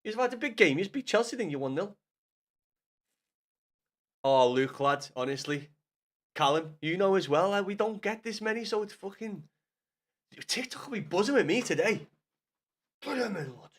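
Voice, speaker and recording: A man's voice: sits high, sing-song, normal speed, long pauses. Sweary hungover Scouse man streaming. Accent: Liverpool Scouse. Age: 30s. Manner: rambling, sweary, repeats and restarts. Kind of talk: casual live-stream chat to viewers.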